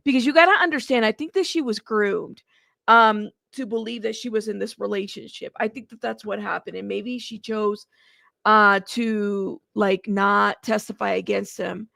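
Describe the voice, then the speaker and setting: A woman hosting a casual reaction commentary, chatty and animated, talking straight to her viewers and laughing often. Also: mid-range voice, normal speed, gravelly, dry recording, clean studio sound. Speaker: host of a commentary channel.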